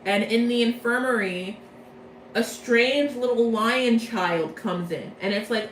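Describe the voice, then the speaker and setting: A young woman rattles off a story recap in a rambling, excitable way and keeps correcting herself as she goes. Her voice sits in a roomy space, with faint noise behind it. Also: a little high, takes it slowly. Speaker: video creator. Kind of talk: casual plot recap from memory.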